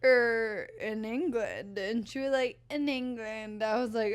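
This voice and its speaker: A woman comic on a podcast, in loose, casual chat. She talks at an unhurried pace in a fairly high voice and spins club stories with deadpan threats thrown in. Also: clear, resonant tone. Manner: storytelling, jokey threats. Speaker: podcast co-host and stand-up comic.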